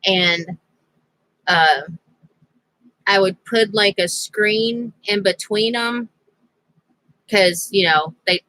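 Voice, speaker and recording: A woman's voice: medium pitch, extremely slow, long pauses, bright, forceful tone, no echo, rough recording. A woman vlogger telling a rambling personal story in a casual, chatty way, laughing now and then. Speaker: crafting vlogger.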